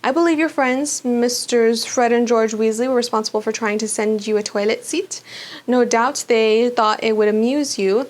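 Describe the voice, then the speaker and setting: A woman voicing a calm, kindly old male headmaster wizard who speaks gently and courteously. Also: a little high, normal speed, lightly acted.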